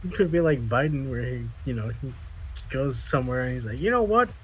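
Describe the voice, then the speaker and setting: A man's voice: mid-range voice, brisk, darkish tone, muffled recording, a little hiss or hum. A man on a podcast panel, rambling in crude casual chat and searching for his words.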